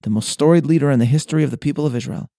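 A man giving a scripted talk, reading aloud in a measured, deliberate way. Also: a little high, gravelly, warm tone, no room sound, studio quality. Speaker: speaker on Jewish history.

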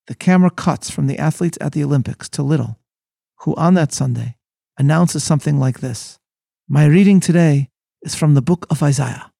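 A man hosting a scripted Bible lesson, speaking in a measured, scholarly, sermon-like way. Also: on the high side, gravelly, warm tone, husky, no room sound, clean studio sound. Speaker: host and rabbi.

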